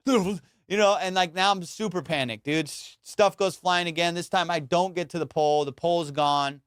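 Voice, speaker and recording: A young man hosts his own podcast and tells a story at full tilt, peppering it with "dude" and the odd swear. His voice sits a little high and comes across smooth and clear. The mic is close and dry, with no room sound. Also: normal speed, hardly any pauses, no room sound. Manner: animated, swears, says "dude" and "bro" a lot. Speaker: podcast host. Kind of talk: casual storytelling.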